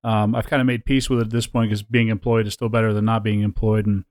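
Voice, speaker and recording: A man hosting a podcast in a casual chat, rambling with lots of fillers and quick laughs. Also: lowish voice, flat delivery, a little mellow, no echo. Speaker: podcast host.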